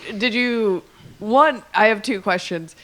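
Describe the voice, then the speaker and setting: A man hosting a loose, casual conversation. He reacts fast, laughs easily and pushes with follow-up questions. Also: high-pitched, pushed and bright, low-quality recording. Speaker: podcast host. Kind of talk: casual chat.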